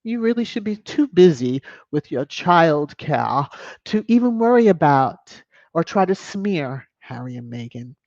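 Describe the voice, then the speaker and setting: A chatty live stream host reads viewer comments aloud and laughs often, in an animated way. The audio is dull and lo-fi with a dry, close sound and no room echo. The voice sits at a middle pitch. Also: measured pace.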